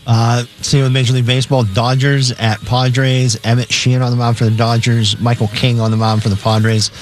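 A man on sports radio reading out games and betting lines in a matter-of-fact way, with filler pauses. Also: medium pitch, little pitch movement, soft background music.

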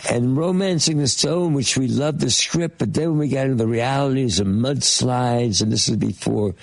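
Older male guest, gravelly and husky, dry close sound; rambling anecdotal storyteller who mimics voices. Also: medium pitch, normal speed, no echo, poor audio. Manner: rambling storyteller with many fillers and restarts; lively, mimics voices in his stories. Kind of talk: casual anecdote telling.

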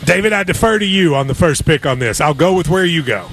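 A man's voice: fairly high pitch, lively intonation, a bit bright, soft background music. A man hosting a sports radio show, chatting casually and joking about picks. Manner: wry, joking, quick picks.

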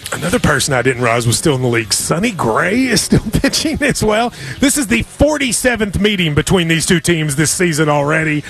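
High-voiced guy hosting sports radio, super animated, cracking jokes. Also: brisk, gravelly, few pauses, faint music behind. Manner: jokey, animated, laughs often. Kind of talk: casual sports radio chat.

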